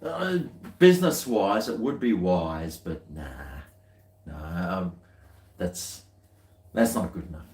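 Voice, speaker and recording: A man's voice: low-pitched, expressive, slow pace, darkish tone, echoey room. An Australian man chatting casually while tasting beer, rambling along with dry, muttered asides.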